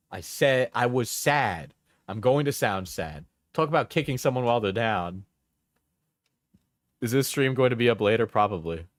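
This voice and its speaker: Male streamer, sarcastic and laughing a lot; lively pitch, dry close mic. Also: normal speed, no room sound. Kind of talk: casual commentary.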